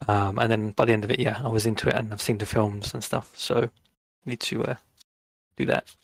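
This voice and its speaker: A man chatting casually during an online board game, speaking in laid-back, quiet asides. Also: on the low side, level tone, fairly quick, gravelly, breathy edge, no room sound.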